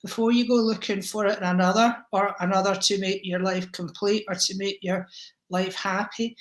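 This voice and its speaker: A woman hosting a live-stream card reading, chatty and warm with viewers, calling them darling, with a tickle in her throat. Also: mid-range voice, fairly even intonation, normal speed, low-quality recording. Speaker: psychic reader and livestream host.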